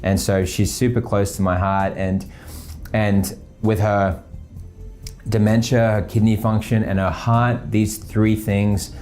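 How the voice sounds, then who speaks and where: A man's voice: lowish voice, little pitch movement, slow, darkish tone, soft background music. A man hosting a health show, talking casually as he tells a story about his grandmother. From Australia. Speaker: host. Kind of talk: casual talk.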